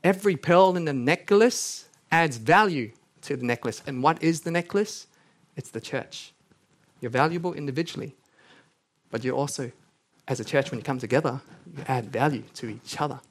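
A man with a mid-range voice, speaking at normal speed, preaches a sermon as a pastor. He is lively and earnest, dropping joking asides between serious points and reading scripture aloud with building intensity.

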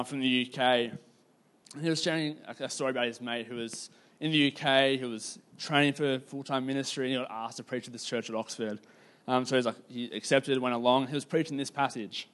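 A man preaching a sermon in a casual, conversational storytelling way, with lots of "like" fillers and slowing down to stress key points. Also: medium pitch, fairly even intonation, fairly bright tone. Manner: casual, filler-heavy, slows down for emphasis.

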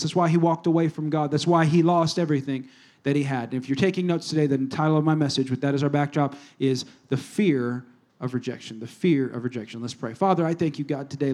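A male pastor giving a casual, conversational sermon in a church, moving between hushed prayer and animated storytelling. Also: fairly high pitch, fast.

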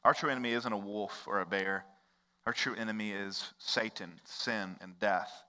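Bright-voiced preacher man in a reverberant hall. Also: fairly even intonation, normal speed, clear, resonant tone. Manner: conversational, swings between loud bursts and hushed low lines. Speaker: pastor. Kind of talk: sermon.

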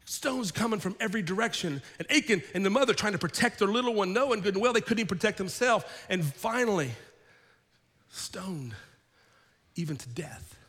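A man's voice: high voice, animated, brisk, fairly bright tone, long reverb tail. A man preaching a sermon as pastor, telling the story with feeling and acting out the people in it.

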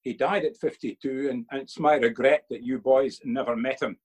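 A man's voice: medium pitch, fairly even intonation, normal speed, husky, low-quality recording. An older man, a father being interviewed by his son for a church video, telling earnest stories and quoting himself with emphasis.

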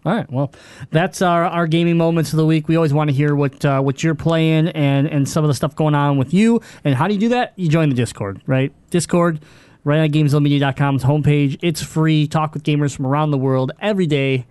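A man's voice: on the high side, steady tone, fairly quick, a little mellow, smooth, dry recording. A man hosting a gaming podcast, reading out news with fillers and joking with his co-host. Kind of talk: casual gaming news chat.

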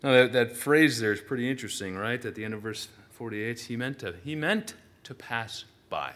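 A male pastor preaching a sermon, telling the story with lively energy and frequent "uh" fillers and restarts. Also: medium pitch, normal speed.

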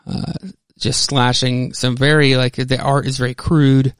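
In a clean, studio-quality recording without echo, a podcast host with a mid-range, level voice speaks at a measured pace. He loosely recaps a comic's story, rambling casually with frequent fillers and restarts.

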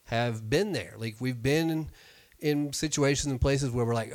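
A man's voice: mid-range voice, normal speed, a little mellow. A middle-aged man preaching a sermon in a conversational way, often repeating words as he starts a sentence. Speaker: pastor.

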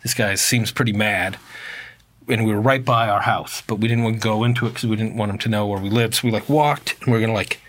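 A man's voice: fairly low pitch, fast talker, a little hiss or hum. A man telling a long story in casual chat, loose and profane, and livelier when he acts out other people's lines. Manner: casual, swearing, animated when quoting others.

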